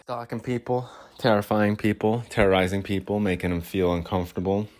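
A man's voice: lowish voice, fairly even intonation, brisk, darkish tone. A man hosting a solo podcast, talking in a meandering way with chuckling, self-mocking asides. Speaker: podcast host. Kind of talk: rambling solo podcast monologue.

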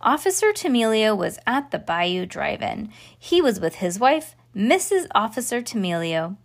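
A woman reads a children's book aloud for a podcast, her voice sitting a little on the high side. She slips into playful character voices and breaks off for chatty, joking asides. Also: very animated, unhurried, vocal fry. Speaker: podcast host reading aloud.

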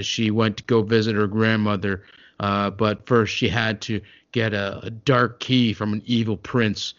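A man's voice: lowish voice, a bit bright, dull audio. Rambling man telling a children's story. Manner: rambling, gruff with the kids, full of hesitations. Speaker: comic storyteller doing an impression. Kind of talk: comedy sketch storytelling.

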